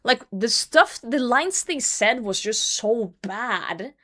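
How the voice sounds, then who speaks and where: A woman's voice: a little high, animated, slow, sharp tone. A woman hosting a livestream, chatting casually with viewers while she plays. She rambles, rants freely and swears offhand. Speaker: livestream host.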